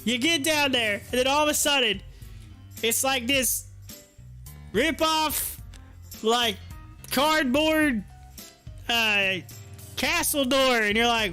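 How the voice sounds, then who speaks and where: A man hosting a live stream and reading viewer chat aloud, animated, laughing often and repeating his phrases. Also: extremely high pitch, slow, pauses often, clear, resonant tone, faint music behind.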